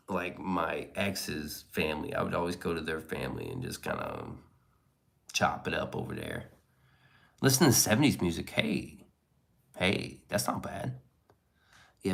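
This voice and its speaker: A man's voice: sits low, vocal fry, fairly bright tone. A man streaming casual chat, rambling and swearing as he reads and answers his chat. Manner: rambling, profane, laid-back. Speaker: live streamer reading chat.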